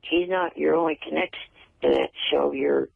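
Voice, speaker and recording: A man's voice: on the high side, steady tone, moderate pace, creaky, no room sound. A man calling in as a show guest, refusing things bluntly over a phone line. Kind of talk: casual talk over the phone.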